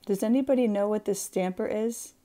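Playful and giggly, a woman chats with drawn-out delivery while stamping on her casual craft livestream. Her mellow voice sits in the mid range.

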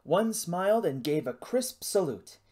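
Storybook narrator, expressive and animated in pitch, reading adventure prose. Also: measured pace. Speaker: audiobook narrator. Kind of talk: scripted narration.

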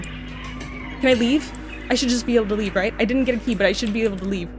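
Slightly fast and pitched on the high side, a young woman's voice runs through a horror let's play. As a streamer she's jumpy, chatting to the game and often crying out or swearing at it, with game music in the background.

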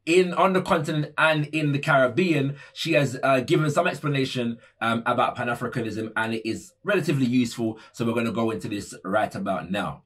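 A man's voice: medium pitch, fairly quick, hardly any pauses, fairly bright tone, breathy edge. A man presenting an explanatory talk, conversational, with frequent tag questions and fillers. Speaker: educator presenting a video series.

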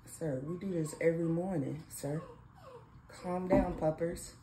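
A woman's voice: fairly low pitch, fairly even intonation, a little slow. A woman and mother chatting casually and teasingly with her son at home in the morning, recorded on a phone. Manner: playful, teasing, sing-song. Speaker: mother and vlog host. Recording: echoey room, faint background noise.

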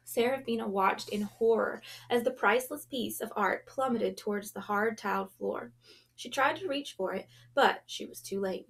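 A woman reads a children's novel aloud in a gentle storytelling voice. Her tone sits a little high, with a soft gravelly creak. At tense moments she drops to a hush. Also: moderate pace. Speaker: audiobook reader.

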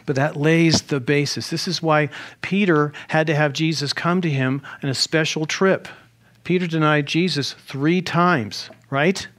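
A male pastor preaching a sermon in an animated way, with rhetorical questions and humorous asides. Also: fairly high pitch, measured pace.

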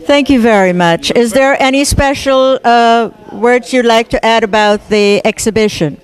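A woman's voice: a little high, normal speed. A woman hosting a TV interview show at a gallery opening, chatty and upbeat, with jokes about herself. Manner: chatty, upbeat, self-joking. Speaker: TV show host. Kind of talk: casual interview.

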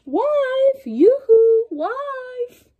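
A woman's voice: very high voice, big pitch swings, extremely slow, phone-quality sound, pitched above the performer's own voice, exaggerated voice. A woman voicing farm family members calling out for help in a sing-song storybook way.

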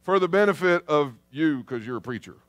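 A man preaching a sermon in a church, lively and conversational, calling out to the congregation. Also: on the high side, brisk, dry recording. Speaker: pastor. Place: church sanctuary.

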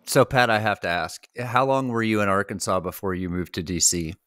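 A man's voice: on the low side, brisk, a bit bright, dry recording. A man from the American South, a podcast co-host asking teasing, curious questions. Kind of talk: casual podcast chat.

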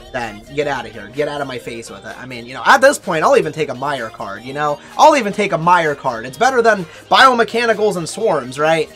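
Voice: medium pitch, bright, forceful tone. A mobile game YouTuber opening card packs, counting down before each one and playfully overdramatic about bad luck. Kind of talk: casual game pack-opening commentary.

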